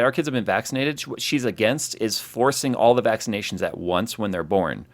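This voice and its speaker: A man hosting a casual livestream chat, telling stories in an animated way and acting out the scenes. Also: lowish voice, a little fast. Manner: animated storyteller who acts out scenes. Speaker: host.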